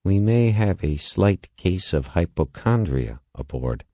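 A man voicing a calm, understated male astronaut who is quietly worried. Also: low voice, fairly quick, dry recording. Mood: wary.

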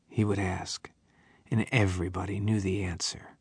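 A man reading a novel aloud in a measured way, sometimes dropping to a whisper. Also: low voice, little pitch movement, slightly rough, dry recording, studio quality. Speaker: audiobook narrator. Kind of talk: scripted narration of a novel.

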